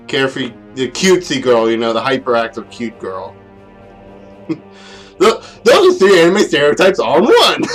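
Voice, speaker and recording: A man's voice: medium pitch, fairly quick, soft background music. A man in his twenties giving an unscripted game review, rambling, laughing often and making self-deprecating asides.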